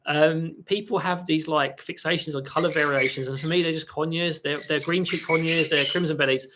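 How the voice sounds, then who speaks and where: A man hosts a relaxed live stream at home, his voice sitting a touch higher than most men's. He rambles through viewer questions and keeps stopping to coo at his birds. Parrot squawks and clicks are clearly heard behind him. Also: fairly quick, background noise. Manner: chatty, breaks off to coo and talk to his parrots. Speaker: parrot channel host. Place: home room with pet parrots. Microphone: laptop for live stream.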